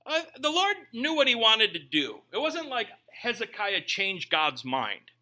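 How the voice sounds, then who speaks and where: A man's voice: high-pitched, very animated, moderate pace, hardly any pauses, pushed and bright. A young man preaching a conversational sermon, reading scripture and then telling stories with joking asides. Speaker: pastor.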